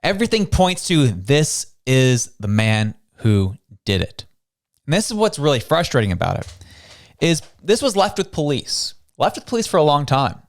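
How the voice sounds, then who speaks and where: A man's voice: on the high side, very animated, normal speed. A man from Canada hosting a show, giving casual news commentary in a conversational way, full of rhetorical questions. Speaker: show host.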